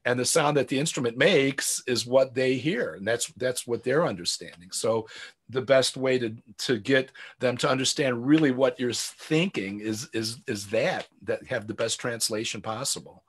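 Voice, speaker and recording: A man's voice: medium pitch, moderate pace, slightly rough. Rambling middle-aged man, "you know" fillers. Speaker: guest drummer. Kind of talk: casual interview talk.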